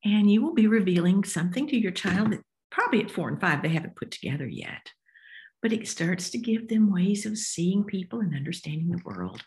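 Older female author guest, expressive, slips into character voices, low and lively. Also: brisk. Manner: expressive, acts out voices while explaining. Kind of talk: interview conversation.

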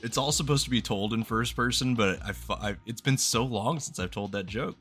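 A man co-hosting a podcast, telling a long joke in a lively, casual way with free swearing. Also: medium pitch, brisk, breathy edge, faint music behind. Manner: animated storytelling, swearing freely. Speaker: podcast co-host.

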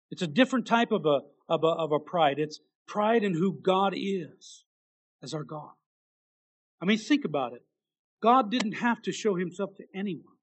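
A man with a high-pitched voice preaches a sermon. He talks earnestly, stumbling and restarting his phrases, then lifts into emphatic bursts. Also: breathy edge.

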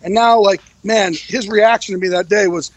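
Candid, emotional man, high voice. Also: fairly even intonation, moderate pace, no room sound, poor audio. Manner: candid, emotional, swears freely, repeats himself. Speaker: guest. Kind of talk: casual podcast interview.

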